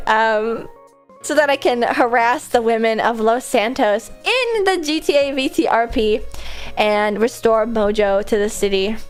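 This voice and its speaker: A woman streamer chatting casually with her viewers, giggly and self-mocking, with quick asides. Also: on the high side.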